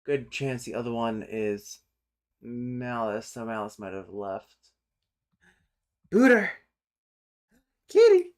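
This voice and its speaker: A man's voice: fairly low pitch, steady tone, clear, resonant tone. A man streaming live, chatting casually and thinking aloud as he explains language topics. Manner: thinks aloud, pauses and restarts, sudden loud calls to his cat. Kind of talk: casual livestream chat and explanation.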